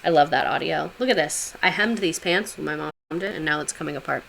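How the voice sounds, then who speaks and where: A woman's voice: low voice, fast talker, vocal fry, a bit bright. A woman livestreaming a casual history talk, chatting with viewers in a sarcastic, chatty way with swearing asides.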